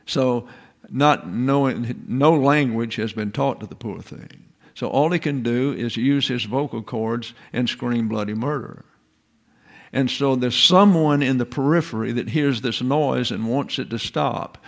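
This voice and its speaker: A man's voice: mid-range voice, measured pace. A man giving an informal lecture in a folksy, digressive way, full of rhetorical questions.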